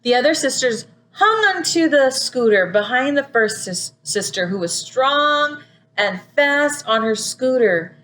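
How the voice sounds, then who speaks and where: A woman teacher reading a picture book aloud to young children, gasping often and pausing to ask them questions. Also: high voice, slight background noise, low-quality recording. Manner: expressive, frequent gasps, asks listeners questions.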